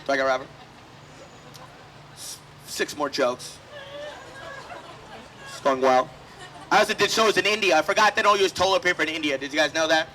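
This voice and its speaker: High bright-voiced male stand-up comic. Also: a faint crowd, slight background noise, rough recording. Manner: brash, profane, quick to act out voices. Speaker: stand-up comedian. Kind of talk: stand-up set. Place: outdoor festival stage.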